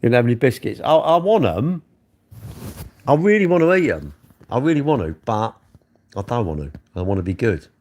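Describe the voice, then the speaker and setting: A man's voice: mid-range voice, very animated, fairly quick, pauses often, a little mellow. Man grumbling through a rambling late-night phone livestream. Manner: chatty, self-mocking, grumbling. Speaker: livestream host. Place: bedroom at night.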